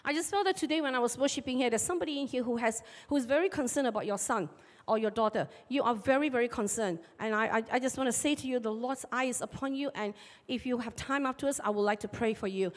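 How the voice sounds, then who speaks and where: Female preacher, high-pitched, lively storyteller; church hall with long reverb. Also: fast talker. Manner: animated storyteller, acts out shouted market dialogue. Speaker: pastor. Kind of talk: sermon with personal stories. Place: church sanctuary.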